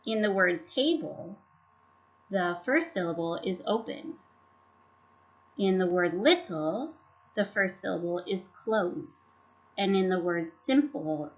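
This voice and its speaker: A teacher narrates a scripted professional development presentation as a slide voice-over, carefully sounding out syllables and words. Her voice is mid-range and fairly bright, on a dull lo-fi recording.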